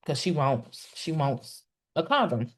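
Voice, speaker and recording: Hosting a laid-back live stream about a trial, this woman speaks in a deep, very animated voice. She addresses her audience directly in a chatty, exclamatory way, frequently stopping with "um" and restarting her sentences.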